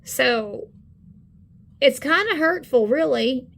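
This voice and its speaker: A woman, co-hosting a channel, talking indignantly and haltingly in casual commentary on videos. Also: high-pitched, lively intonation, vocal fry, a bit bright. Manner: indignant, halting with many fillers. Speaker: channel co-host. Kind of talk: casual commentary on screen content.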